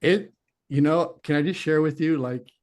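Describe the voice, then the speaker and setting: A man's voice: fairly high pitch, normal speed, a little mellow. A middle-aged man, a former detective, telling a long personal story in an earnest, rambling way, acting out his own inner voice. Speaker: interview guest, former police detective turned psychic medium. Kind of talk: conversational storytelling.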